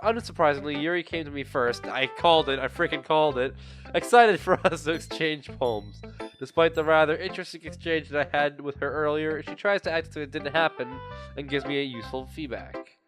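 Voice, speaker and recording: A man's voice: on the high side, fairly quick, a bit bright, soft background music. Young man reading a game, sore throat. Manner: chatty, rambling asides. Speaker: gaming video creator. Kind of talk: reading a visual novel aloud with commentary.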